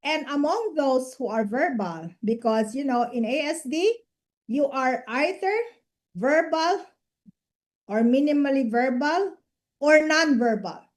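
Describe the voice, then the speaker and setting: A woman lecturer giving a clinical lecture in a measured, explanatory way, checking in with students through short tag questions. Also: high voice, expressive. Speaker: medical lecturer.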